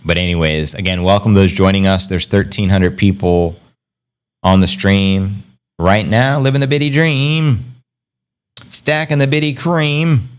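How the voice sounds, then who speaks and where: A man hosting a casual livestream, rambling upbeat and slangy, reading out viewer comments and giving shout-outs. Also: lowish voice, steady tone, a little slow, smooth. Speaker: crypto livestream host.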